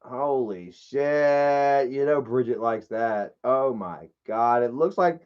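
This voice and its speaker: A man hosts a livestream with casual commentary, rambling with many fillers and tossing out sarcastic, profane remarks. His mid-range voice is slow, darkish and clean in tone, though the sound is lo-fi.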